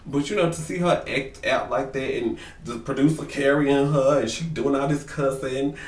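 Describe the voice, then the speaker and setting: A man casually reviewing a reality show for his vlog, talking in animated, profane slang and acting out what people said. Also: medium pitch, moderate pace, far from the mic. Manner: animated, profane, slangy, acts out quotes in voices. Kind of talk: casual gossip commentary to camera. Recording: roomy sound, away from the mic.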